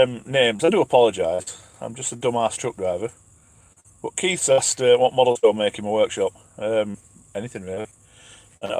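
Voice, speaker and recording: An English truck driver who runs his own channel chats on a night-time live stream from his cab, reading viewers' questions and their names aloud. He's talkative and self-mocking, laughing often at himself. His voice is mid-pitched with a darkish tone, and the recording is dry and close with no echo.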